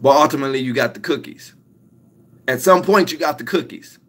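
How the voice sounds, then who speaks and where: A man's voice: medium pitch, a little fast. A young man giving a motivational talk, emphatic and repetitive, stretching out his key lines. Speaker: motivational speaker.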